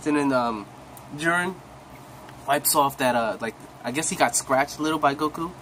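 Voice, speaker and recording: A young man excitedly retelling an anime episode in a casual, rambling way full of slang, coughing now and then. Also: on the high side, moderate pace, a little hiss or hum, poor audio. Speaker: recap host.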